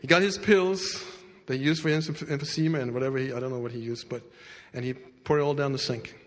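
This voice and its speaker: A man preaching to a congregation, telling a story with loud bursts and quiet asides. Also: mid-range voice, steady tone, fairly quick. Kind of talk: sermon storytelling. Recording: long hall reverb.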